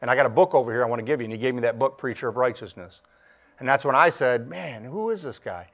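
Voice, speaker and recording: A middle-aged man preaching his testimony with earnest emotion, often restarting words and surging louder as he gets fired up. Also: medium pitch, rapid-fire. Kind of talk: testimony sermon.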